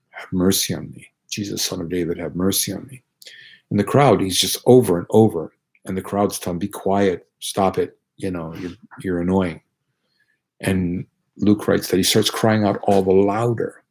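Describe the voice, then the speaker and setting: A man's voice: low-pitched, darkish tone, husky. A man, a priest, giving an earnest, conversational sermon with frequent restarts.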